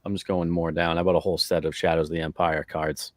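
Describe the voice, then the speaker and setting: A man co-hosting a casual comic collecting show, chatting in a relaxed, rambling way. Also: low-pitched, quick pace, no room sound. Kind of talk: casual chat.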